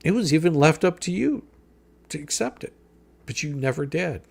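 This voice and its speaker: A man's voice: fairly high pitch, expressive, normal speed, creaky, a little mellow, husky. A man hosting a live stream, reading a legal filing aloud and answering each point with profane, sarcastic mockery. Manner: mocking, profane, sarcastic rebuttals.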